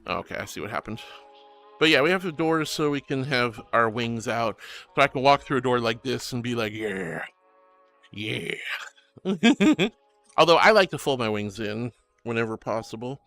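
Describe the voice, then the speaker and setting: A man streaming as a VTuber, chatting casually with viewers and reading their messages. He talks in a soft, affectionate way, calls listeners honey and sweetie, and turns earnest and comforting when he consoles them. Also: mid-range voice, expressive, normal speed. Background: faint background music.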